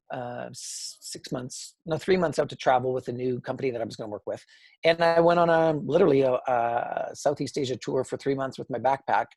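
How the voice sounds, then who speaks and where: A Canadian man, an interview guest, telling personal stories in an animated way and acting out quoted dialogue. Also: mid-range voice, gravelly, no room sound, studio quality. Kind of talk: conversational storytelling.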